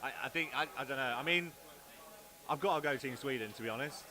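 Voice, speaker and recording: A man's voice: medium pitch, fast, crowd noise. A man co-hosting a casual wargaming livestream, bantering and laughing, often restarting his sentences. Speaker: co-host of a wargaming stream. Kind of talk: casual stream chat.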